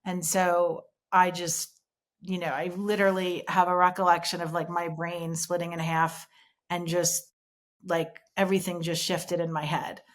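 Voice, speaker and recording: A middle-aged woman, an interview guest, recounting a painful personal memory in a halting way with many pauses and restarts over a remote call. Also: on the low side. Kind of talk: emotional personal recollection.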